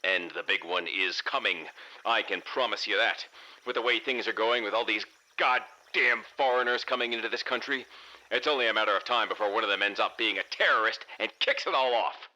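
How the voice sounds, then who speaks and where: Man voicing a bigoted radio caller, raspy, gruff, sharp-toned, lowish pitch, heard through a radio. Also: fairly quick, rough recording. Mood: ranting. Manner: low, menacing, rising with excitement. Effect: heard over a radio.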